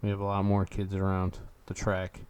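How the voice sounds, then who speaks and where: A man's voice: low-pitched, monotone, normal speed, darkish tone, clear, resonant tone. A man co-hosting a casual podcast, rambling with lots of fillers. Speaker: podcast co-host. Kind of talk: casual chat.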